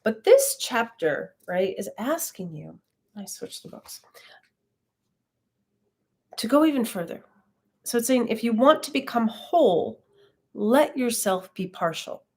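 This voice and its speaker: A woman's voice: on the high side, very animated, unhurried, long pauses, husky. A woman leading an online class, talking in a reflective, conversational way with frequent fillers. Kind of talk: casual live-stream teaching.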